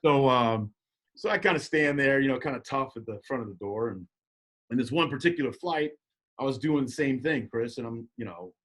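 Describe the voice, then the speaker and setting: A middle-aged man telling a story as a podcast guest, animated and jokey, acting out quotes in shifting voices. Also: medium pitch, brisk. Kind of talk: casual storytelling.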